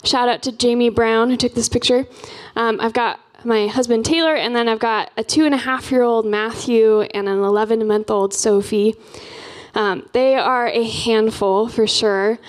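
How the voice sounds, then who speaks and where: Brief: young woman, campus missionary, chatty church talk, pitched a bit high, lots of ums. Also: steady tone, moderate pace. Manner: chatty, frequent "um" and "like" fillers.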